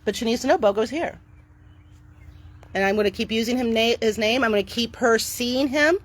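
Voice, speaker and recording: A middle-aged woman talking casually to camera outdoors on her property, chatty and upbeat, switching to a bright cheery voice when she greets her dogs. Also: fairly high pitch, moderate pace. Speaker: dog owner vlogger.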